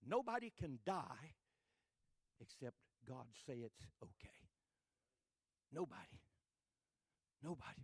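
A man from Texas, preaching in a high voice. He tells folksy stories and repeats lines as they build to loud, shouted peaks. The recording is dry and close. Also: very animated, measured pace, pauses often, husky, no echo. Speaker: pastor. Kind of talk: sermon with folksy storytelling.

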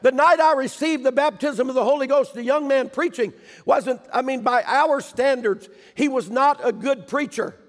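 An older man preaching a sermon in a church, fervent, swinging between shouted pleas and hushed storytelling. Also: very high voice, moderate pace, long reverb tail.

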